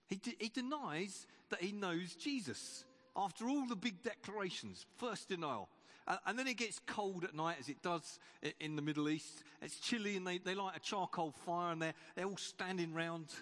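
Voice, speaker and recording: A male preacher delivers a sermon in a conversational way, often restarting and repeating words as he goes. His voice sits somewhat high for a man. A long reverb from the church hall trails after each phrase. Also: lively intonation, normal speed, fairly bright tone. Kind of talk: sermon with retold Bible story.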